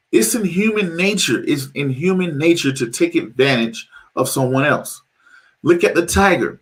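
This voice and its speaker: A man's voice: mid-range voice, a bit bright. A male host gives a casual monologue to the camera, asking rhetorical questions and acting out quoted voices.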